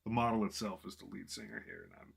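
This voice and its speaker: A man casually thinking aloud to himself while painting a miniature in his small home office, relaxed and self-deprecating. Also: deep voice, quick pace, gravelly, husky.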